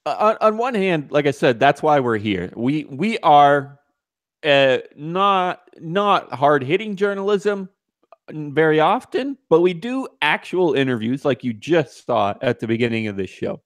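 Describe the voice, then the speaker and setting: A man hosting a casual podcast, animated and laughing, with mock exasperation. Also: on the high side, measured pace, dry recording, studio quality. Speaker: podcast host.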